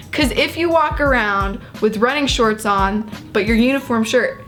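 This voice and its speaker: Animated young woman telling a story. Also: fairly high pitch, normal speed, few pauses, faint music behind. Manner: animated storytelling, quotes herself. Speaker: co-host. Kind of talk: casual story time chat.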